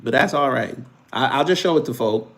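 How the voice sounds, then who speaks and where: A man hosting a casual live stream, firing back at commenters with teasing, taunting banter. His voice sits in a middle pitch, and he keeps the talk loose and conversational. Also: lively intonation, fairly quick.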